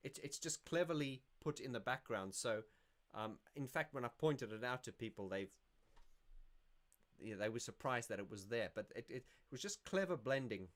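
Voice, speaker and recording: A man's voice: mid-range voice, expressive, moderate pace. Rambling male livestream host. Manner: rambling and self-correcting, sings snippets to illustrate. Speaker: livestream host answering viewer questions. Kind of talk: casual livestream chat.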